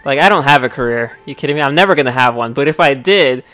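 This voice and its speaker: A young man streaming a video game live, rambling casually between bouts of swearing and frustrated yelling. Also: mid-range voice, fast. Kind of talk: live gameplay commentary.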